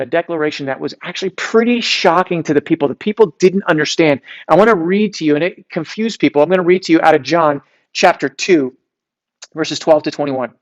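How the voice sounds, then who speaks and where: A man preaching to a youth group in a relaxed, conversational way, reading scripture aloud with frequent restarts. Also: on the high side, muffled recording. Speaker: youth pastor. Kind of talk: sermon.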